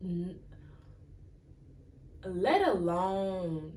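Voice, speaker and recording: A fairly low-pitched woman hosts a solo podcast, chatting loosely and rambling through her thoughts with plenty of fillers. She sits back from the mic in an echoey room with a faint hum of ambience behind her. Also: animated, drawn-out words, warm tone, recorded from a distance. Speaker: podcast host. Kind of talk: casual solo commentary.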